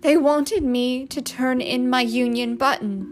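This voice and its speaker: Woman reader doing a crying dad, loud and anguished, storybook reading with music bed. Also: high-pitched, fairly even intonation, a little slow, voice pushed up. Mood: sobbing. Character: despairing middle-aged father, drunk, sobbing.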